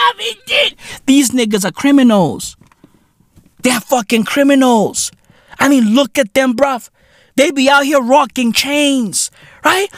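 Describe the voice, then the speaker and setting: A man hosting a podcast, ranting in a loud, profane, mocking way. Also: extremely high pitch, no echo, studio quality. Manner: loud, profane, mocking, often breaks into shouts and laughs. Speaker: podcast host. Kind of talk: comedic podcast rant.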